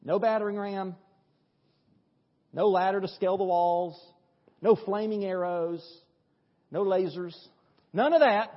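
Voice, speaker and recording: A male pastor preaching a sermon, telling stories in a lively, conversational way with rhetorical questions. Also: high-pitched, measured pace, pauses often. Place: church sanctuary. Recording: dull audio with long church reverb.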